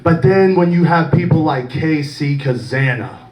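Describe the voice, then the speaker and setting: A man delivering an intense, shouted wrestling promo with a heavy rhythmic cadence. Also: on the high side, lively intonation, normal speed. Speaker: wrestling student. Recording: echoey room from far off.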